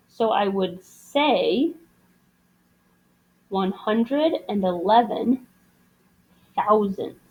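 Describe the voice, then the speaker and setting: A woman's voice: fairly high pitch, narrow, tinny audio. A woman teaching a math lesson, explaining patiently step by step. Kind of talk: recorded classroom lesson.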